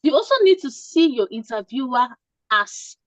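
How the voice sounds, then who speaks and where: Nigerian-raised woman, high voice, preachy interview tips, keeps saying okay, dry muffled audio. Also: expressive, normal speed, dry recording. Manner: emphatic, repeats points, asks "okay?". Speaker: career coach for nurses. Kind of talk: informal advice talk.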